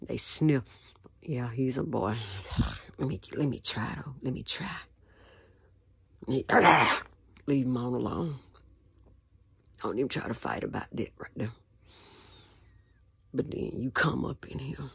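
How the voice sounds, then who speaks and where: A woman's voice: very deep voice, slow pace, gravelly, pauses often, slightly rough, dry recording. A woman giving a rambling spoken monologue, repeating words and asking questions, often dropping to a whisper. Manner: repetitive, questioning, drops to whispers. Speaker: vlogger.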